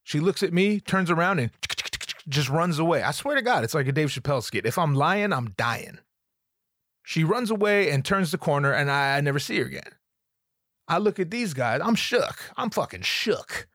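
Animated young man telling a story. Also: on the high side, normal speed, no echo, studio quality. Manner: animated, stammering, acts out other voices. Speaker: comedian. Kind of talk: comedic storytelling.

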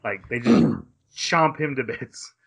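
A man co-hosting a podcast, casually recapping an episode in a rambling way with quick quoted asides. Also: medium pitch, animated, vocal fry. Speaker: podcast co-host.

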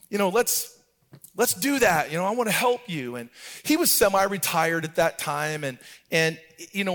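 A middle-aged man preaching from the pulpit with a high-pitched voice. He tells his stories in a relaxed way, then lifts into a sung, rhythmic preacher's cadence. It is a sermon voice through and through. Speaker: pastor.

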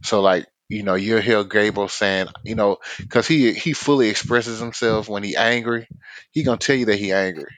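A man co-hosting a casual podcast, speaking candidly in halting phrases with many fillers. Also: fairly low pitch, a bit bright, dry recording, low-quality recording. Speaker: podcast co-host.

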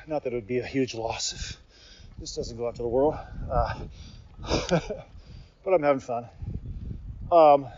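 A male podcast host rambling casually with many tangents and laughs while cycling on a riverside path, recorded on a portable recorder. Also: medium pitch. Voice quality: chatty, tangent-prone, laughs often. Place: outdoors on a riverside bike path. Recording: lo-fi with loud wind noise.

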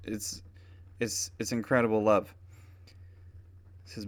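A man's voice: fairly low pitch, fairly even intonation, measured pace. A tired man talking earnestly and casually about his faith as a podcast host, rambling with fillers and restarts. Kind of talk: casual devotional talk.

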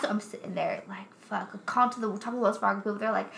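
Young woman, bright tense voice, chatty and animated, casual swearing, echoey room. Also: mid-range voice, fast, vocal fry, hardly any pauses. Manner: animated, swears often, laughs while telling. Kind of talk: casual storytelling chat. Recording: roomy echo.

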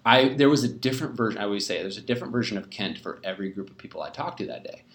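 A man's voice: lowish voice, expressive, racing. A young adult man from the United States, explaining personality types in a rambling, self-deprecating way with many fillers and restarts. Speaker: host of a live personality talk. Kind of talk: casual explanatory talk. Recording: roomy echo.

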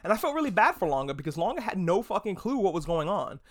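Chatty, excitable podcast host. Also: mid-range voice, fast talker. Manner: chatty, swears freely, restarts words; excitable, gushing. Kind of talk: casual pop culture review monologue.

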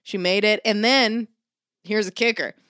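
A woman's voice: medium pitch, steady tone, measured pace, fairly bright tone, no room sound, studio quality. A woman casually telling a long story in a podcast chat, swearing freely and mimicking the people she quotes. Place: Los Angeles area.

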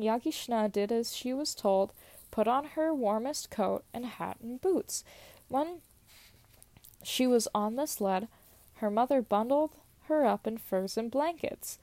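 A woman's voice: on the high side, measured pace, dark tone, dry recording. A young woman casually reading old stories aloud, stumbling over words and swearing in asides. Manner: stumbles and laughs at own slips, swears in asides. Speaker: storyteller.

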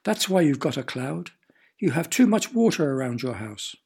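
A man voicing a helpful, clever male weatherman in a children's story, explaining things in a calmly knowing way with a gravelly, husky voice. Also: a little high, moderate pace, heavily acted.

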